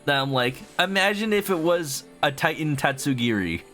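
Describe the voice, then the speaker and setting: A man's voice: on the high side, animated, normal speed, sharp tone. A man streaming a video game, chatting playfully with his viewers and humming to himself. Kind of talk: casual game commentary. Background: game music.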